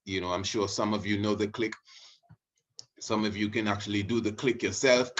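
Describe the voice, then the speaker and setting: A man's voice: lowish voice, fairly even intonation, normal speed, a little hiss or hum. A man, teaching in a rambling casual monologue full of asides. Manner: rambling, many you-knows and restarts. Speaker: religious video host. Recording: muffled lo-fi audio.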